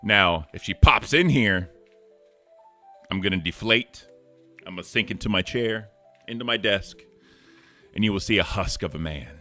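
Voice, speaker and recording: A man co-hosting a casual livestream chat in a deep voice, upbeat and thanking chat members by name. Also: expressive, moderate pace, pauses often, pushed and bright, soft background music. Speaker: co-host.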